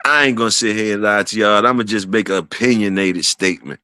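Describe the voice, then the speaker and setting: Bright-voiced man hosting a casual livestream. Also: on the low side, fast, clear, resonant tone, no echo, clean studio sound. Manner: shouts out viewers, repeats phrases. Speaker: livestream host.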